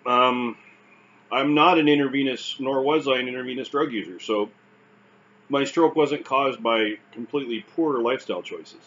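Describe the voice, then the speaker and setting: A man's voice: medium pitch, normal speed, a bit bright, lo-fi sound, slight background noise. A man with a Canadian accent talking casually to camera, wry and self-deprecating, with frequent fillers and restarts. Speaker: vlogger recounting stroke recovery.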